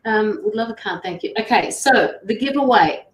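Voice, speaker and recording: A woman's voice: medium pitch, expressive, normal speed, rough recording. An Australian woman hosting a tarot livestream, chatting casually and greeting viewers as she reads out their comments. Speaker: tarot reader and livestream host.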